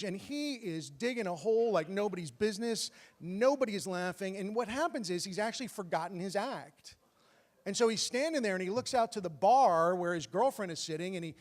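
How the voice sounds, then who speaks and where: A man telling a true personal story on stage with comic timing and animated bursts. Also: sits high. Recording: long hall reverb.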